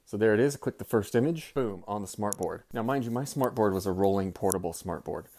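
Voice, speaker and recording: Low-voiced man telling a story. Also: a little fast. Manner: animated, swears, acts out quotes. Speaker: former teacher sending in a story. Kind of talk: casual storytelling.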